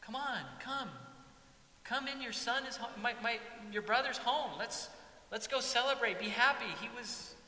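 A preacher putting on a loving father who coaxes his son eagerly. His voice lifts high and sounds bright. It echoes in a roomy hall. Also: normal speed, heavily acted. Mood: pleading. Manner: coaxing, eager pleading. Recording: echoey hall with faint hiss.

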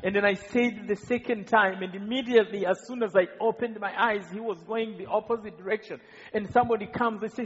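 A man from Rwanda preaches, telling his testimony as a story full of quoted voices and restarts. His voice sits high and a little husky. The sound is dull and lo-fi, with the long echo of a large hall. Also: steady tone, a little fast. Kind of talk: sermon testimony.

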